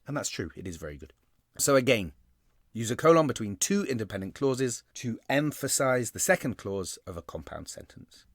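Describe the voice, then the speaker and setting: A male English teacher giving a recorded grammar lesson, explaining step by step and slowing down on key terms. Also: mid-range voice, no room sound, studio quality.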